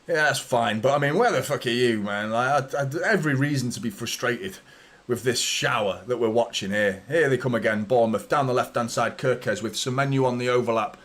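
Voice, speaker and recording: A fan channel host runs a live football watchalong, talking fairly quickly in a mid-range, fairly bright voice. He commentates and rants at his team's players with frustrated, sweary exasperation.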